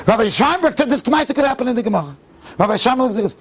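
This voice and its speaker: A man speaking as a rabbi at a tribute event, telling stories in an animated way with frequent restarts and Hebrew and Yiddish phrases. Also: very high-pitched, racing, a little hiss or hum. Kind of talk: tribute speech with storytelling. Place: event hall.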